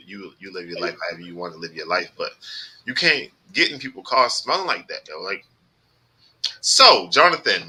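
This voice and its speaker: A man telling rideshare-driving stories on a podcast, animated and full of profanity. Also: deep voice, slightly rough, rough recording. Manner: animated storytelling, heavy profanity. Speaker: podcast host, rideshare driver. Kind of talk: casual chat.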